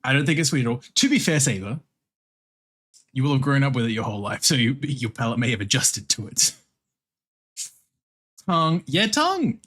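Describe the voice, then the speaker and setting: An Australian man talking on a livestream in relaxed, rambling chat. His pitch swings around in an animated way, and he swears casually and laughs often. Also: normal speed, pauses often. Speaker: streamer.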